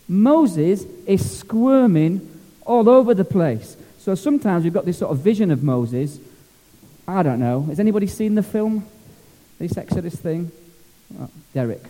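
A Scottish pastor delivers a sermon in a lively, jokey, down-to-earth way. His voice is fairly high yet very mellow and dark, and a long church-hall reverb trails each phrase.

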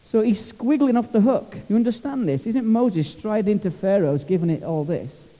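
A Scottish pastor preaching with a lively, jokey, down-to-earth manner. His voice sits fairly high but sounds very mellow and dark. A long church-hall reverb trails every phrase. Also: moderate pace. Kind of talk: sermon.

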